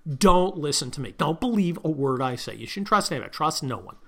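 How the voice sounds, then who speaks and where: A man's voice: on the high side, lively intonation, fast, few pauses, fairly bright tone. A man hosting a political talk monologue, combative and sarcastic, heaping insults on his targets. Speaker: political commentary host.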